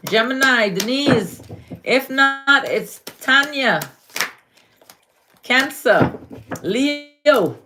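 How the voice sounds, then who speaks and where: A woman's voice: a little high, animated, very noisy. A woman from Guyana giving astrology readings to viewers on a live stream, affectionately calling them darling. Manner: affectionate, calls viewers darling, slow and drawn-out.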